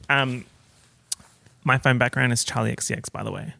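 A man's voice: medium pitch, level tone, moderate pace, vocal fry, pushed and bright, no room sound. A man hosting a casual solo podcast, chatty and campy, full of slang and swearing, recorded on a portable recorder. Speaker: podcast host.

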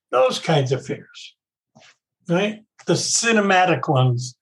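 Higher-voiced man giving a casual talk. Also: lively intonation, slow pace, a bit bright, rough recording. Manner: conversational, repeats himself, voices inner thoughts. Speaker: recovery program speaker.

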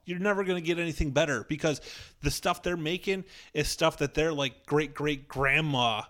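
A man's voice: a little high, normal speed, fairly bright tone. A man chatting casually on a podcast, easygoing and agreeable, riffing along with enthusiasm. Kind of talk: casual chat.

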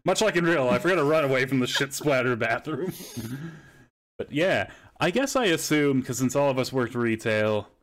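A man's voice: mid-range voice, expressive, normal speed. A young man hosting a podcast, telling rambling stories in casual chat and swearing freely. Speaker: podcast host.

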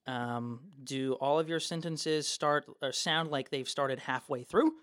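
A man's voice: mid-range voice, fairly even intonation, a little slow, a bit bright, clean tone, no room sound, studio quality. A man co-hosting a podcast in a casual, rambling, profane chat. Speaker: podcast co-host.

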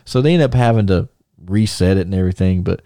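Guy hosting a podcast, warm low-key voice, rambly and animated, dry close mic. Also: quick pace, clean tone, no room sound. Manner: rambling, many restarts and fillers, animated. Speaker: podcast host. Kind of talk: casual storytelling and show segment intro.

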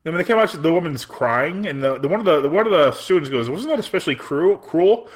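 Fast-talking man in casual chat. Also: a little high, animated. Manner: quick, filler-heavy recapping with laughs. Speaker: podcast co-host.

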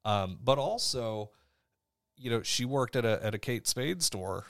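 A man in his thirties co-hosting a podcast, chatting in a relaxed, rambling way. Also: medium pitch, measured pace, dry recording. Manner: relaxed, rambling, laughs often. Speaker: podcast co-host. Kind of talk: casual chat.

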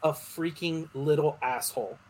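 A man in casual conversation, relaxed and profane. He laughs often and talks in loose, easygoing phrases. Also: on the high side, normal speed, crowd noise, rough recording. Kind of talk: casual chat.

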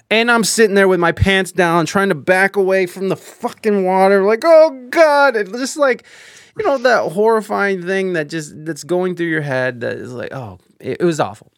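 A young man live streaming, telling a story in a casual, animated way with lots of swearing, fillers and restarts. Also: high-pitched, moderate pace, no room sound, studio quality.

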